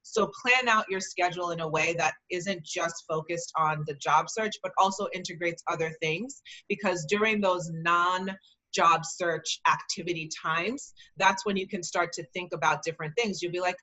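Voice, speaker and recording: A woman, likely in her thirties, giving earnest, encouraging career advice in a conversational way with frequent pauses. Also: lowish voice, steady tone, sharp tone, low-quality recording. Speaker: guest speaker, career advice.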